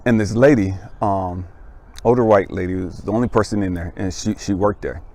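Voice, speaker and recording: A man telling a personal story as a motivational speaker, casual and animated, laughing and checking in with the listener, his voice jumping high when he gets emphatic. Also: normal speed. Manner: voice jumps much higher and louder when he is emphatic. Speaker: motivational speaker and life coach.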